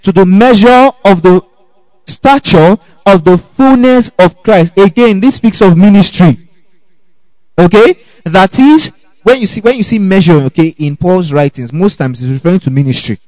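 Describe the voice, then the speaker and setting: A male preacher delivers a sermon with a notably high voice. He talks in an animated way, constantly checking in with the congregation and laughing lightly between points. The sound is dry and close. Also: moderate pace, no room sound, rough recording. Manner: animated, keeps asking the congregation "okay?".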